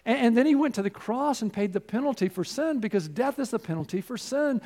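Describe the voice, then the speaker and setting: A man's voice: extremely high pitch, expressive, fairly quick, mellow. A man preaching a sermon as pastor, in an earnest, repetitive cadence with direct appeals to the listener.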